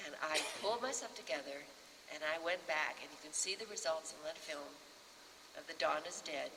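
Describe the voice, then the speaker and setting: Woman in her sixties, bright voice, lively storyteller, echoey hall, faint hum. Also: sits low, moderate pace. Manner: lively, acts out other people's lines. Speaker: actress on a festival panel. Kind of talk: storytelling anecdote. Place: festival panel in a hall.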